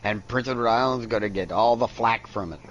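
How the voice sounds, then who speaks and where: A man's voice: lowish voice, brisk, a bit bright, lo-fi sound, a little hiss or hum. A man, chatting and joking with racing friends over a headset. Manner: chatty, jokey. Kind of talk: casual chat among sim racers.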